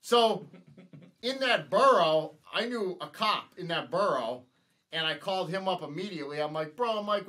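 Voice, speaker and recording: A man's voice: sits high, animated, normal speed, bright, forceful tone. A man, a podcast guest telling a story casually and retelling the dialogue with many "he's like" and "I'm like" asides.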